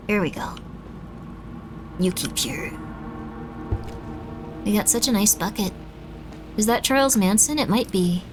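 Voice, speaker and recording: Young woman streamer, mid-pitch, rambling self-deprecating commentary with panicked outbursts, faint music under her. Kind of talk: casual gameplay commentary.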